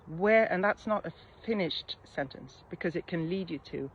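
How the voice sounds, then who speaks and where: Middle-aged woman, mindset coach, thoughtful delivery with many soft pauses; slightly dull recording, faint hiss behind. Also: fairly low pitch. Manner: reflective, pausing often with soft fillers. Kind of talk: casual coaching talk. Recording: slightly muffled with faint background noise.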